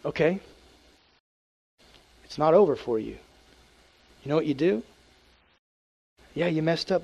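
A man, a youth pastor, preaching a casual, animated sermon to teens and acting out prayers in a hushed voice. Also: a little high, a little slow, vocal fry, long pauses, breathy edge.

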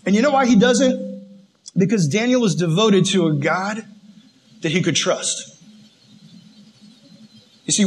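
A man preaching in a casual, slangy style, retelling a story with lively animation. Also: high voice, slight background noise, low-quality recording.

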